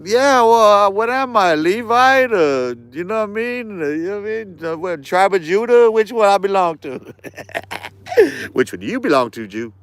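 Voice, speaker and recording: A man's voice: high voice, animated, normal speed, fairly bright tone, clean tone, no echo. A man ranting on a live stream in casual street slang, heated and repeating himself.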